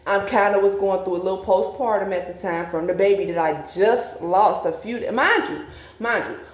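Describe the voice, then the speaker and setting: A young woman tells her viewers a personal story in a candid, profane way, calling them y'all. Her voice sits at an average pitch, and her words ring around a hard, echoey room. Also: normal speed. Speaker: vlogger.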